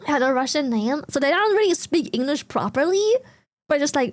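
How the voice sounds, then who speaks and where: Sitting high and sing-song at normal speed, this young woman's voice belongs to a streamer from Germany or the Netherlands. She chats casually with her audience, reads out their messages, giggles often and swears freely.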